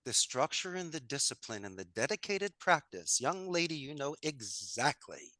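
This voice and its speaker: A man's voice: mid-range voice, very animated, moderate pace, sharp tone, dry recording. A man talking as an interview guest about running his business and giving motivational advice, with an enthusiastic, coaching manner. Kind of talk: casual interview chat.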